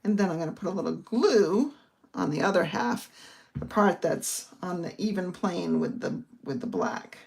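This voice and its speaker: A woman's voice: on the low side, lively intonation, normal speed, creaky, a little mellow. A middle-aged woman from the northern United States, chatting casually as she explains a card-making project step by step. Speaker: papercraft instructor. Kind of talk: casual crafting demonstration.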